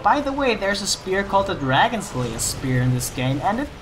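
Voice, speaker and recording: A man's voice: high-pitched, big pitch swings, normal speed, over music. A man hosting a let's play, casually talking through his own gameplay. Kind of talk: gaming commentary. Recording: noisy background.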